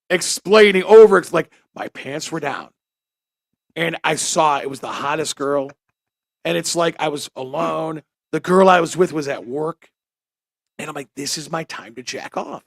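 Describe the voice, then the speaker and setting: A man's voice: on the high side, a bit bright, no echo, clean studio sound. A man telling crude, rambling stories on a podcast, often laughing at himself. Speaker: podcast co-host. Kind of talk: casual chat.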